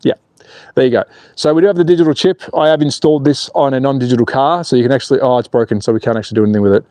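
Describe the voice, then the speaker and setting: A man's voice: mid-range voice, very fast, mellow, no room sound. An Australian man hosting a casual livestream, chatting and joking with viewers as he works on his slot car track. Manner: chatty and joking, reads viewer comments aloud.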